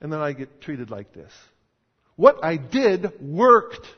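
A man's voice: high voice, lively intonation, slow, full character voice. A man voicing an aggrieved, self-righteous old king who insists he did nothing wrong. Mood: indignant. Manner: indignant, insistent complaining. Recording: dull sound in a reverberant hall.

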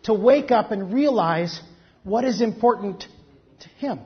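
A pastor preaching, reading a story slowly and then breaking into quick, joking asides. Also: mid-range voice, animated. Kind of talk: sermon with a story read aloud. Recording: dull lo-fi recording.

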